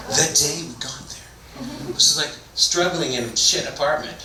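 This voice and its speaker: A man's voice: fairly high pitch, huge pitch swings, takes it slowly. A middle-aged man from Toronto, an actor on a convention panel, telling rambling, self-deprecating stories. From Toronto, Canada. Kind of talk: anecdotal storytelling. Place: convention hall. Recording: echoey hall, distant mic, background noise.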